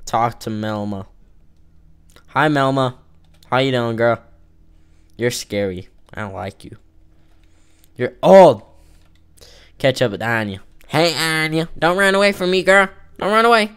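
A man's voice: medium pitch, lively intonation, normal speed, fairly bright tone, clean tone. A man giving casual let's-play commentary, teasing and joking with the game's characters as he plays. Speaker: gamer playing an online role-playing game.

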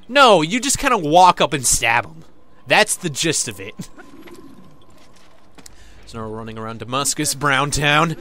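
Casual male gamer, higher bright voice, lively, profane sarcasm. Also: unhurried. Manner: loose, swearing, sarcastic. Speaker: let's play gamer. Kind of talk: casual gameplay commentary.

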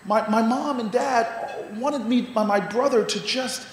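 An American man, a mayor, delivers an inspirational gala speech from a podium in a large banquet hall, his voice extremely high and unhurried. He stumbles over repeated words while building to rousing refrains, and the recording has an echoey hall sound with faint noise.

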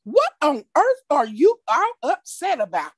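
A calm, amused grandmother of old age speaks slowly and soothingly, as a woman storyteller puts her on. She is matter-of-fact and unbothered, a little lower than the teller's own voice. It sounds dry and close. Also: no echo.

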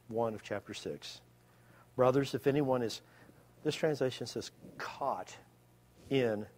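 A man preaching a sermon in a conversational way that turns emphatic and loud at times. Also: mid-range voice.

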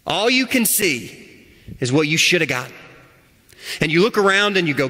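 A male pastor preaching a sermon, his voice swinging from loud to hushed. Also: fairly high pitch, lively intonation, moderate pace. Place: church sanctuary. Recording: echoey church hall.

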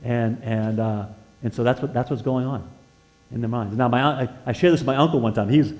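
A male guest preacher telling stories from the pulpit in a middle-pitched voice. He swings from loud, emphatic bursts to hushed, earnest asides. His words stumble into repeats and restarts as he goes. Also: a little fast, poor audio. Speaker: guest speaker at a church. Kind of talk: sermon. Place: church sanctuary.

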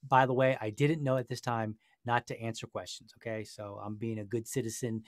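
A man's voice: medium pitch, flat delivery, brisk, no echo, clean studio sound. Passionate, sarcastic male podcast host. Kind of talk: casual discussion.

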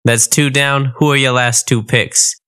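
A man's voice: medium pitch, steady tone, unhurried, sharp tone, clean tone. A man voicing a pushy male phone operator for hired killers, with a Brooklyn accent and a salesy, brash manner.

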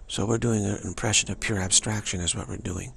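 A man giving a spiritual practice talk, halting and musing, with frequent restarts and repeated phrases. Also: on the low side, fairly even intonation, vocal fry, a bit bright, slight background noise. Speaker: spiritual teacher.

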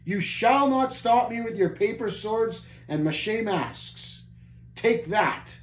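A man voicing a bold, fearless knight who shouts commands, reading a storybook aloud. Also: high voice, animated, takes it slowly, voice pushed up. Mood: fierce, commanding. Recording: roomy church hall.

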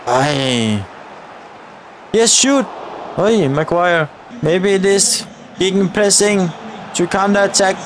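A man giving excited live commentary on his own football video game career mode, often exclaiming at chances and shouting at the players. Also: sits high, slight background noise. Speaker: gaming YouTuber.

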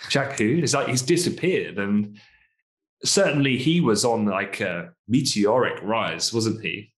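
A man co-hosting a finance podcast, talking in a relaxed, chatty way and asking tag questions like "isn't it?". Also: on the low side, a little slow. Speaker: co-host, markets commentator. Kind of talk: casual podcast discussion.

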